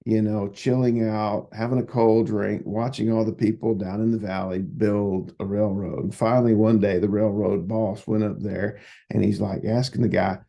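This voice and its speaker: A man's voice: lowish voice, flat delivery, normal speed, gravelly, dark tone, lo-fi sound. A man who works as a psychotherapist, giving folksy, casual advice and telling stories. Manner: folksy, repetitive, storytelling.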